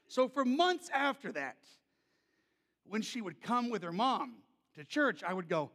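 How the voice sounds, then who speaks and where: A male pastor telling a story in a sermon, loud and animated, then dropping to soft, gentle tones. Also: high voice, normal speed, in a large hall.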